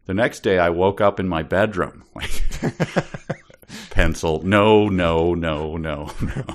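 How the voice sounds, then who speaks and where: A deep-voiced podcast co-host with a wry, teasing streak. He talks in an easy, chatty way. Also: slow, a little hiss or hum. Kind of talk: casual book-club chat.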